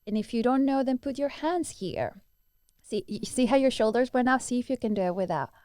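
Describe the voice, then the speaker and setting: A woman's voice: a little high, brisk, a little mellow, dry recording, clean studio sound. A woman who teaches breathwork, answering interview questions earnestly and demonstrating breathing sounds as she explains.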